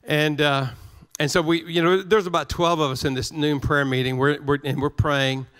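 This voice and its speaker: A man's voice: a little high, fairly even intonation, moderate pace, a bit bright, clear, resonant tone. A male pastor preaching a sermon, emphatic, repeating his phrases and restarting words as he drives his points home.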